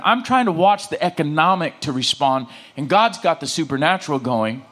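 Preacher man telling stories, slightly high. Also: brisk, hardly any pauses. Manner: animated storytelling, acting out dialogue. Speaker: pastor. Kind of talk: sermon. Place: church.

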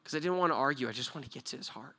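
A man preaching a sermon, swinging between loud emphatic points and hushed storytelling and often checking in with his listeners with a quick "right?". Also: medium pitch, lively intonation. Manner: talks to the listeners directly with frequent "right?".

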